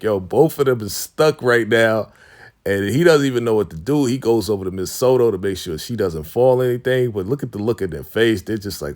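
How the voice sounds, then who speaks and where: A man talks through a TV episode in loose, slangy recap style. He laughs often and slips into quick impressions of the characters as he goes. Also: lowish voice, expressive. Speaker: recap host.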